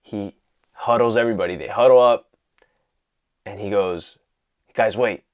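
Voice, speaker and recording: A man casually talking through a film he loved, excited and rambling, full of "you know" and "like". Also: fairly low pitch, normal speed, smooth, dull audio. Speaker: vlogger reviewing a film. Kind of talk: casual movie talk.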